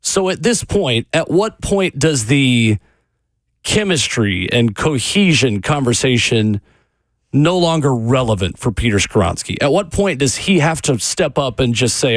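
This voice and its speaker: A man's voice: medium pitch, big pitch swings, a little slow, no echo. A man hosting a sports radio show, pressing his co-host with pointed questions.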